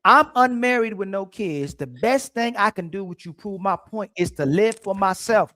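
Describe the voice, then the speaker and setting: A man with a very high, excitable voice argues hard on a live show. He keeps repeating his points and cutting other people off, and his voice sits close and dry with no room around it. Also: normal speed, hardly any pauses, dry recording. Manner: animated, repeats himself, cuts in often. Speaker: podcast host. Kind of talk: heated live debate.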